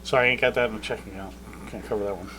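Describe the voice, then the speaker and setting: A man's voice: fairly low pitch, steady tone, racing, pushed and bright, breathy edge, rough recording. A man chatting on a podcast, hesitant and trailing off, with dry asides. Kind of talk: casual podcast chat.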